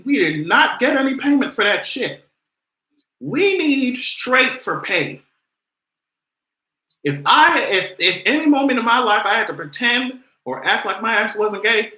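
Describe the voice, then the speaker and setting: A young man chatting casually on a livestream, sassy and animated, with frequent cursing. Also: high voice. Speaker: vlogger hosting a livestream. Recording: roomy echo.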